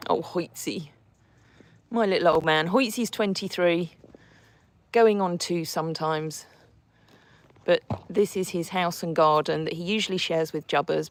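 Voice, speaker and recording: A woman hosting a casual live stream from horseback outdoors, reading viewer comments and cooing and scolding her horses in between. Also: lowish voice.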